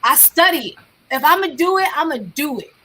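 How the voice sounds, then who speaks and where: A brisk, high-pitched woman from New Jersey, heard with slight background noise, talks as a guest artist in a casual interview. She tells stories energetically and acts out the voices of the people she quotes.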